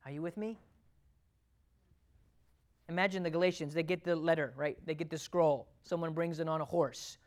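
A woman preaching a sermon. She repeats her key points, asks the congregation questions, and swings between loud and quiet delivery. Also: sits low, fairly even intonation, moderate pace, long pauses.

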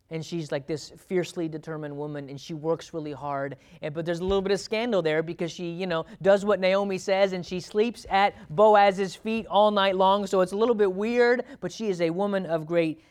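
A man's voice: a little high, steady tone, a little fast, few pauses, smooth. A man teaching a Bible sermon in a conversational way, laughing often and acting out quotes with a lifted voice. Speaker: preacher.

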